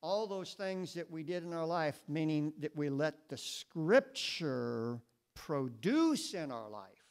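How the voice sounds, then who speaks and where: Guy preaching at church, kinda high voice, keeps asking the crowd stuff, steps off the mic now and then. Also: lively intonation, slow pace, clean tone. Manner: teaching with questions to the congregation. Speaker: pastor. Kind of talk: sermon. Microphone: mic he sometimes steps away from.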